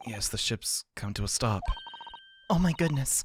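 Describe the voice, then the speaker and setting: A man voicing a polite, proper young female assistant in a game, speaking softly and formally. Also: mid-range voice, lively intonation, normal speed, noisy background, voice pushed down, lightly acted. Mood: flustered. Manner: soft, polite, formal speech.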